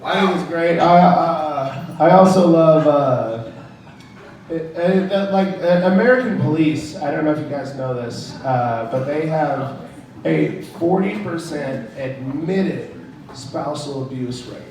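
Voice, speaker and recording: A man's voice: fairly high pitch, measured pace, darkish tone. A man doing a crude, rambling stand-up comedy set on a club stage, chuckling at his own jokes. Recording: very echoey room, from far off.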